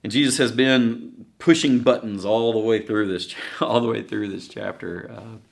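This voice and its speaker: A man preaching a sermon in a conversational, halting way, with frequent fillers and restarts. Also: lowish voice, fairly even intonation, gravelly.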